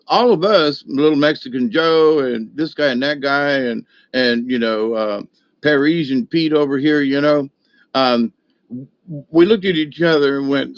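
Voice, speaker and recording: A man's voice: mid-range voice, measured pace, no room sound, lo-fi sound. Folksy older man rambling through a story. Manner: folksy, rambling, many fillers and restarts. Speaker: video host.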